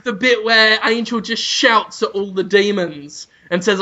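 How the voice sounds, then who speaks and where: A man with a British accent, co-hosting a comedy podcast, telling absurd stories in a deadpan way, in a dull lo-fi podcast recording. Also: high-pitched, a little slow, few pauses. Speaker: podcast co-host.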